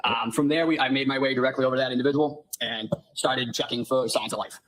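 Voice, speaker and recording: Fast-talking man giving courtroom testimony. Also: medium pitch, fairly even intonation, fairly bright tone, low-quality recording. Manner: polite, measured, answers with "yes, sir". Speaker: firefighter paramedic witness.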